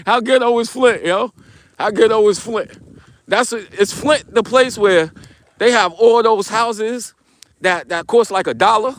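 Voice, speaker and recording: This livestream vlogger, a man with a New York accent, strolls outside on a snowy street, casually reading viewer comments aloud in slangy talk. His voice is high-pitched and fairly bright.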